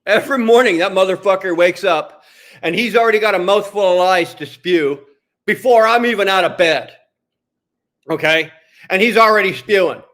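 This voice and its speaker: Angry high-voiced man ranting. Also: fairly bright tone. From Canada. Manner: profane, heated, repetitive. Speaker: streamer. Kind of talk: angry livestream rant.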